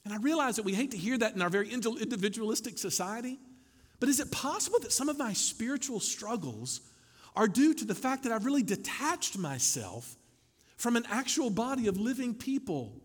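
Animated high-voiced preacher in a reverberant hall. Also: male voice, brisk. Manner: animated preaching, with wry asides. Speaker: pastor. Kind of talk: sermon. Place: church sanctuary.

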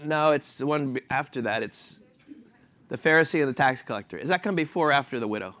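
Speaking quickly in a mid-range voice, a man delivers a sermon where he asks the congregation questions and then answers them. The delivery is animated and punctuated by chuckles.

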